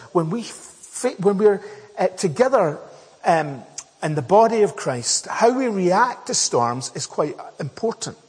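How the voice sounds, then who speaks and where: A man's voice: on the high side, husky. A man preaching a sermon, telling a personal story in a chatty, self-mocking way with many fillers and restarts. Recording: echoey hall with long reverb.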